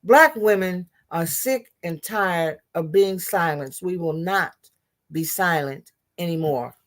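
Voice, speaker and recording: A woman giving impassioned political commentary, blunt and profane, often restarting her sentences. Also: lowish voice.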